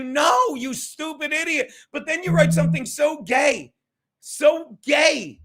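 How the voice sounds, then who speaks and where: A man's voice: very high voice, normal speed, pushed and bright. A man hosting a podcast, ranting in a profane, mocking, gloating way. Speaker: podcast host. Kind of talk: ranting commentary.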